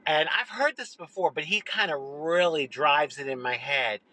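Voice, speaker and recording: A woman around sixty telling a personal childhood story to camera, expressive, dropping low for emphasis. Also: moderate pace, slight background noise, low-quality recording. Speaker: social media storyteller.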